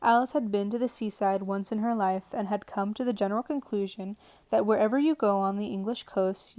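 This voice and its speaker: A woman narrating a storybook aloud in a calm, even read-aloud manner. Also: mid-range voice, dry recording. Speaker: audiobook narrator. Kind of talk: storybook reading. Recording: dry home recording. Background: faint television sound.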